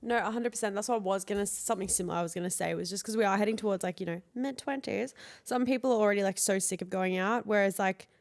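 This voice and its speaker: Podcast co-host: woman in her twenties, heavy vocal fry, filler-heavy casual chat. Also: mid-range voice, fast. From Australia. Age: 20s.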